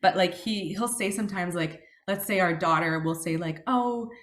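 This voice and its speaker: A woman's voice: on the low side, normal speed, a bit bright. Woman in her 30s telling her recovery story, earnest, lots of ums and restarts. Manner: earnest and reflective, with many fillers and self-corrections. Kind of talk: personal testimony talk.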